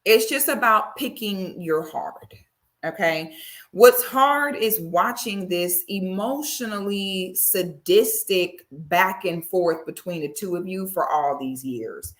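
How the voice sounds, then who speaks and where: A woman's voice: lowish voice, slow, a bit bright. A woman giving casual reaction commentary, sassy and exclamatory, speaking straight to her viewers.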